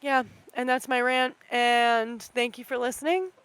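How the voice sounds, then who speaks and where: A woman's voice: on the high side, fairly even intonation, measured pace, a bit bright, clean tone, no room sound. A young woman from the United States hosting a podcast, delivering an unscripted, profanity-laced, impassioned rant outdoors at night. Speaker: podcast host.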